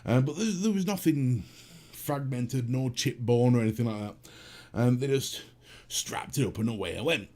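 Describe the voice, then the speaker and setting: A man's voice: medium pitch, moderate pace, a little mellow. A middle-aged British man hosting a livestream, telling a story in a casual, profane, self-mocking way. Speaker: livestream host.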